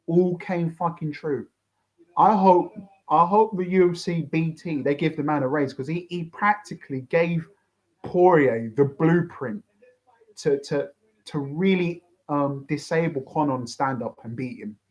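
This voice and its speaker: A young man hosts a fight reaction with a fairly high voice. He rants and swears, circling back over the same words again and again. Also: low-quality recording. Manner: swears a lot, repeats himself, rants. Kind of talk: excited fight reaction commentary.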